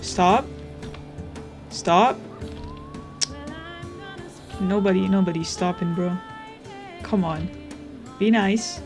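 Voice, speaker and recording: A young woman chatting casually as she plays a video game, rambling and thinking out loud. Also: lowish voice, steady tone, a little slow, long pauses. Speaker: gaming streamer. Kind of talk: casual let's play commentary. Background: game music.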